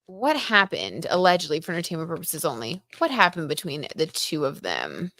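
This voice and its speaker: A woman's voice: low voice, sing-song, moderate pace, pushed and bright, no room sound, clean studio sound. A woman hosting a tarot gossip livestream, chatting casually and reading out viewer comments, with lots of fillers like "like" and "um". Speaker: tarot reader and livestream host.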